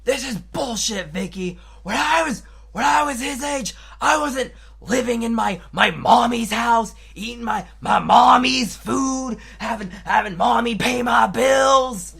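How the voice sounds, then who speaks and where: Brief: indignant shouting dad, higher and louder than normal, bellowing complaints, as a young man mimics him. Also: a little slow, creaky, hardly any pauses, slightly rough, full character voice. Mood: ranting. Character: angry middle-aged father ranting at family.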